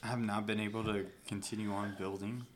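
A man's voice: fairly low pitch, flat delivery, slight background noise. A young man in casual, profane chat, joking while doing a puzzle with a dog nearby. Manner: profane, joking, quick swearing banter. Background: dog in the room.

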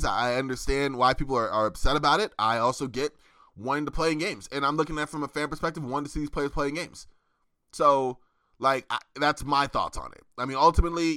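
A man's voice: a little high, sharp tone, dry recording, studio quality. A young man hosting a casual sports podcast, talking loosely with many fillers and restarts. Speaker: podcast host.

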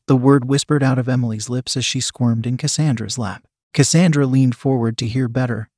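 A man narrating a scripted story in a steady, unhurried reading. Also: mid-range voice, husky, no echo, clean studio sound.

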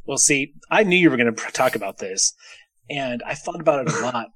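A man's voice: mid-range voice, animated, fairly quick, fairly bright tone, no room sound, poor audio. A man co-hosting a podcast, teasing his partner and arguing playfully in casual chat. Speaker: podcast co-host.

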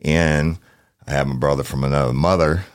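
A man hosting a true-crime podcast from a studio, talking in a folksy, plain-spoken way with drawn-out phrasing. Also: rumbling low, fairly even intonation, smooth, no echo. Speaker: podcast host.

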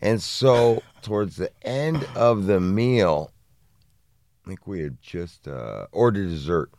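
A middle-aged man telling a profane, animated story in casual podcast chat, acting out what people said. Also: deep voice, slow, dry recording, studio quality. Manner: profane, animated anecdote with acted-out quotes. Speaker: podcast co-host.

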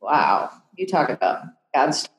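A woman in her fifties, a television personality telling an emotional story in a podcast interview, animated and acting out the voices she quotes. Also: extremely low pitch, takes it slowly, echoey room, poor audio. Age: 50s.

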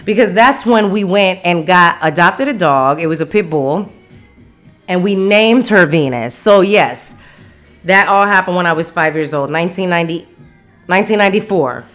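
A woman's voice: fairly low pitch, animated, moderate pace, a bit bright, faint music behind. A woman in her thirties from Las Vegas hosting her own podcast, chatting casually with rambling asides and frequent laughter. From Las Vegas, Nevada. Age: 30s. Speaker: podcast host. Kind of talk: casual solo podcast chat. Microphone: studio mic on camera.

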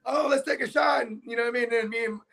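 Casual podcast co-host, man, high gravelly voice, profane storyteller. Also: fairly even intonation, quick pace, fairly bright tone, slight background noise, rough recording. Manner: loose storytelling with profanity, acts out quotes in a high voice. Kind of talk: casual sports podcast chat.

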